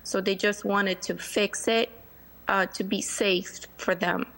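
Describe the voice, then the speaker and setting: A woman testifying remotely at a town hearing on behalf of a relative, hesitant with many pauses and fillers. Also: medium pitch, steady tone, fairly bright tone, poor audio. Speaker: applicant representative. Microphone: remote video call.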